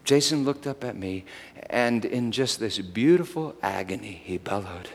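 Preacher telling a story in a reverberant hall. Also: male voice, on the low side, expressive, moderate pace, gravelly. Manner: dramatic storytelling that turns soft and meditative. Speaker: pastor. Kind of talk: sermon storytelling.

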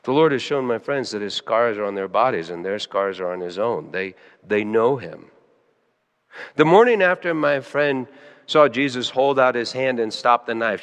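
A man preaching a sermon, dropping to hushed, quiet lines and then rising sharply into loud, high emphasis. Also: clear, resonant tone, big-room sound. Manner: emotional, swings between soft hushed lines and sudden loud high emphasis. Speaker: pastor.

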